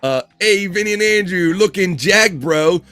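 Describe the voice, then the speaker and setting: A man hosting a casual live stream, loud and joking, laughing often with crude banter. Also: high voice, measured pace. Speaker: host.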